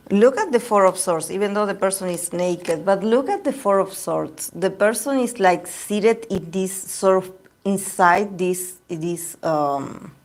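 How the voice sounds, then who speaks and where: A woman whose first language is Spanish, giving a casual tarot reading to camera and often searching for words. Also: medium pitch. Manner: hesitant, searching for words, many fillers. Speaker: tarot reader.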